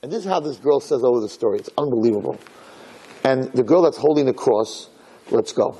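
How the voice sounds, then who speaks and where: Male storyteller, husky, raised pitch, very lively delivery. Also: fairly quick. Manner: lively, dramatic, acts out characters. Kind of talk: animated religious storytelling.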